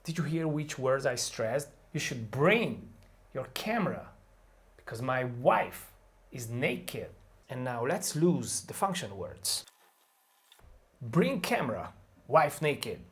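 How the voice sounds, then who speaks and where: An American man gives an online pronunciation lesson at an unhurried pace. His pitch rises and falls a lot as he drags out the key words of his examples. He mixes the teaching with crude, cheeky jokes. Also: big pitch swings. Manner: playful, crude jokes, slow drawn-out stressing of example words.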